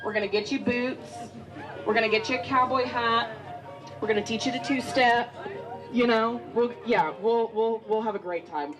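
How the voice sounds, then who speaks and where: A woman's voice: a little high, moderate pace, music in the background, a crowd in the background, poor audio. A woman emceeing a live eating contest on a handheld mic, bubbly and joking as she chats with contestants. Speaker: event emcee. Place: busy restaurant event.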